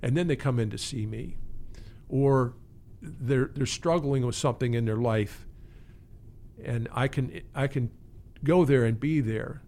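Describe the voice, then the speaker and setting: With a mellow, mid-range voice and a measured pace, a pastor who teaches pastoral care pauses often in a conversational interview. He's earnest and reflective, and he tends to restart his phrases.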